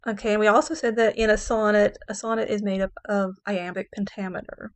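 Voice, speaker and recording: A woman English professor lectures on poetry at a middle pitch, neither high nor low. She reads lines of verse slowly, leaning hard on the stressed words. Then she explains them in an easy, plain way, with an occasional "um" or "okay". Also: flat delivery.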